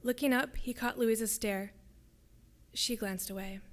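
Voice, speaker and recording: A woman, a graduate student, reading her own fiction aloud at a public reading in a lecture hall, in a steady descriptive way. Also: a little high, measured pace, pauses often.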